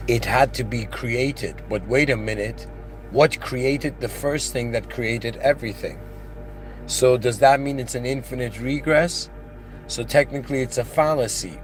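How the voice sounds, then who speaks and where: A man giving a philosophical monologue, earnest and growing emotional as he talks. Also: mid-range voice. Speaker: channel host.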